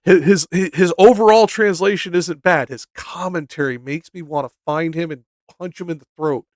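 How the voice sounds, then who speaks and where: A man's voice: fairly high pitch, normal speed, a little mellow, dry recording. A man co-hosting a casual discussion, blunt and profane, laughing often. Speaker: co-host of a study stream.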